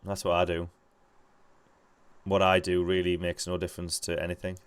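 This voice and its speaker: A young man chatting casually while gaming with friends, swearing freely and rambling through animated stories. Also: low voice, normal speed, clean tone. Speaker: gamer playing with friends over voice chat.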